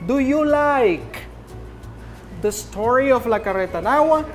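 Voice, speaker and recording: A woman teaching English to a classroom, speaking very slowly and clearly in a fairly high voice. She repeats each prompt several times to drill her students. Faint music plays in the background. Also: animated. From Nicaragua.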